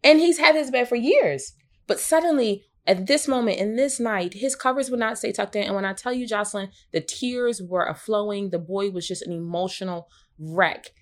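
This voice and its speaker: A woman in her thirties co-hosting a casual podcast, telling a personal story expressively with big swings in pitch. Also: normal speed. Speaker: podcast co-host.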